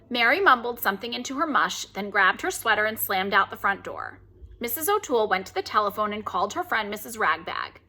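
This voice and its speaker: Woman reading a children's book aloud, expressive, bright, lively pitch. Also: a little fast. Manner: expressive, animated. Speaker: storyteller.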